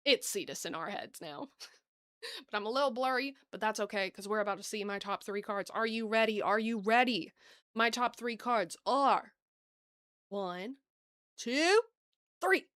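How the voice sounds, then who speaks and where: A bubbly woman with a Southern US accent chats to her viewers as she opens cards, gasping and gushing over the cute ones. Her voice sits a little high, and she laughs softly as she thinks aloud. It sounds close and dry, with almost no room sound. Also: a little slow, pauses often, no room sound. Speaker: card-opening channel host. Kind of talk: casual chat to viewers.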